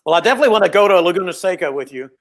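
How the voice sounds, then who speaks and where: A man's voice: sits high, expressive, very fast. A man hosting a casual chat, rambling and friendly, full of compliments. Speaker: podcast host.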